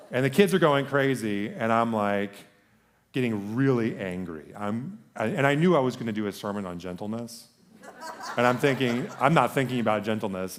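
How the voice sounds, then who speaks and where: A man in his thirties, a pastor, preaching a sermon as a lively personal story, acting out scenes and swinging from loud outbursts to hushed tenderness. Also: mid-range voice. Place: church hall.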